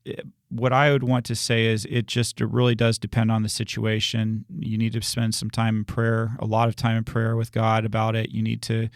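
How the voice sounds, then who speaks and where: A man speaking as a pastor in a relaxed sermon discussion, earnest and reassuring, often restarting his sentences. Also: on the low side, normal speed, dry recording, studio quality.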